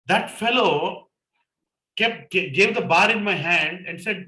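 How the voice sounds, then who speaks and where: A middle-aged Indian man tells a lively story during a spiritual talk, switching between English, Hindi and Telugu. His voice sits a little high and sounds bright and forceful. The room gives it a roomy echo. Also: takes it slowly, long pauses. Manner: animated storyteller, mixes in Hindi and Telugu, laughs at himself. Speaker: satsang speaker.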